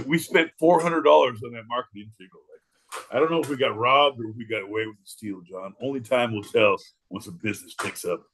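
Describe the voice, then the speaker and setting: A man's voice: medium pitch, moderate pace, fairly bright tone. A man co-hosting a podcast, rambling through crude jokes and laughing often in casual banter. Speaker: podcast co-host.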